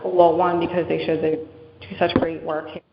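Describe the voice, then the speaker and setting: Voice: mid-range voice, little pitch movement, normal speed, background noise. A speaker with a Boston accent, talking chattily at a town meeting and filling gaps with "like". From Massachusetts. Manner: chatty, frequent "like" fillers. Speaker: committee member presenting. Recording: echoey hall, muffled audio.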